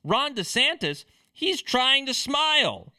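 A man's voice: extremely high pitch, very animated, slow, bright, forceful tone, no room sound. A man giving sarcastic, opinionated political commentary in a ranting manner.

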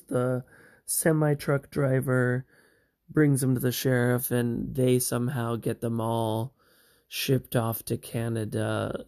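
A man talks through a TV series in an unhurried, drawn-out way, with a gravelly, creaky edge to his voice. His delivery is chatty and meandering, full of asides. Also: medium pitch, warm tone. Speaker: TV series reviewer. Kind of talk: casual spoken review.

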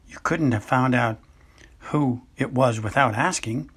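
A man's voice: mid-range voice, a little slow, a bit bright, natural voice. A man reading as an impatient teenage boy. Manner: urgent, pressing questions. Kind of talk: amateur audiobook reading.

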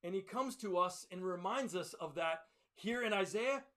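Bright-voiced, high-pitched male pastor preaching. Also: animated, moderate pace. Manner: swings between loud and soft, hushed for tender lines. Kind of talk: sermon.

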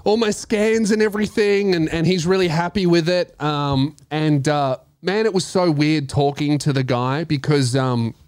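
A man's voice: fairly high pitch, normal speed, few pauses, darkish tone, clean tone, dry recording, studio quality. A young Australian man hosting a podcast, telling a story in casual chat, swearing and acting out his own reactions. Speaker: podcast host.

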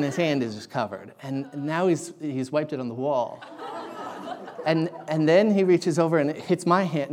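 Animated man preaching a sermon. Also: a little high. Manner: animated, self-deprecating storytelling with restarts. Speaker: pastor. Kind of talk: sermon with a personal story.

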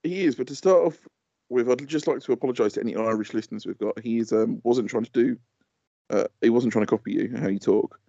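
Talking quickly in a dark, medium-pitched voice, this man co-hosts a podcast and gripes cheerfully about things that annoy him in casual conversation. The recording is dry, with a dull, lo-fi quality.

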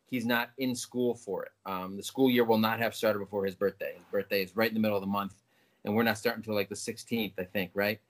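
A man's voice: on the low side, steady tone, fast. Man, podcast co-host, teasing, laughs a lot, casual banter.

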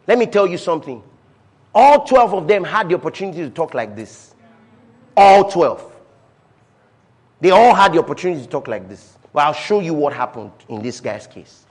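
A man preaching a sermon, reading scripture slowly, repeating key phrases and jumping from quiet asides to shouted declarations. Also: a little high, animated, breathy edge.

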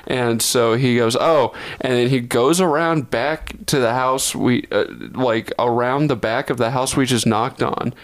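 A man's voice: mid-range voice, fairly even intonation, a little slow, few pauses. A young man from Texas, a podcast co-host, telling a long story in a rambling, profane way, often correcting himself. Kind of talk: casual storytelling.

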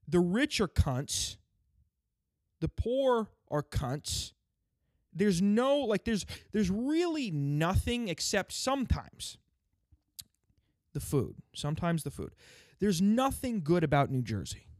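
A man with a high, slightly mellow voice rants angrily and sarcastically, swearing throughout in a stand-up style monologue about the state he lives in. The recording is clean and studio-quality, with no room sound.

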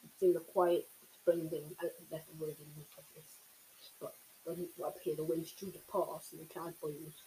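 Mellow-voiced audiobook reader. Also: medium pitch, fairly quick, a little hiss or hum, low-quality recording. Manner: steady narration with small slips. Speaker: audiobook reader, channel host. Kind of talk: reading a novel aloud.

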